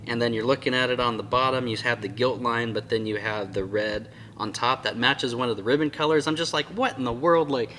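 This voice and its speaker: A man talking casually and with enthusiasm in a product review vlog, often amused and slowly sounding out tricky words. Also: medium pitch, bright, forceful tone, slight background noise. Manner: enthusiastic and chatty, often amused by his own slips. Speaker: Bible binding reviewer.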